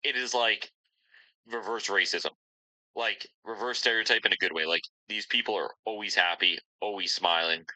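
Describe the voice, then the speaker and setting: A man's voice: lowish voice, fairly even intonation, normal speed, bright, forceful tone, no room sound, rough recording. A man hosting a casual podcast, talking in a rambling, upbeat way with plenty of ums. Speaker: podcast host.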